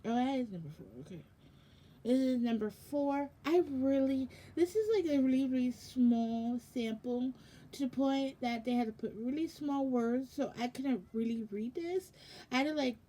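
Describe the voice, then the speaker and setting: A woman's voice: high-pitched, moderate pace, dark tone. A young woman chatting casually through a product unboxing, rambling with lots of ums and self-corrections, sounding sleepy and yawning. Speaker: vlogger.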